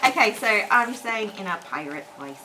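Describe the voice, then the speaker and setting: A woman's voice: medium pitch, animated, normal speed. A woman chatting casually and giggling between takes. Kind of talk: casual outtake chat. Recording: distant mic with background noise.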